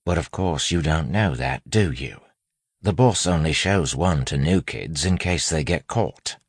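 This is a sly lawman passing himself off as a gang member, in a storybook reading, voiced by a man. He keeps his voice soft and low with a threatening edge. It sounds breathy and dry up close. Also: expressive, measured pace, no room sound, exaggerated voice. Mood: soothing. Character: sly male lawman posing as a gang thug.

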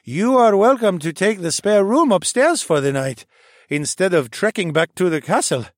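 A man's voice: medium pitch, sing-song, fairly quick, dry recording, studio quality, pitched above the performer's own voice, close to an everyday voice. A man voicing a friendly male pub cook in an audiobook, speaking in a hearty, raised voice.

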